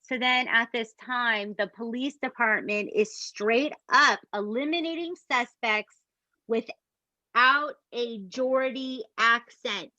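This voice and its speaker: Fairly high-pitched and slow, this female podcast host works through a true-crime tale with her co-hosts, swearing and tossing them emphatic asides in a lively, casual way. There's no echo, just a dull, dry podcast mic.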